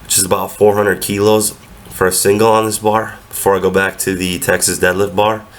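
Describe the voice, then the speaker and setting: A young man narrates over his own training clips in an easygoing, matter-of-fact way. His voice is deep and sits fairly level, with little rise and fall. A cold has left him sounding stuffed up through the nose. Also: level tone, fairly quick. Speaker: powerlifter vlogger.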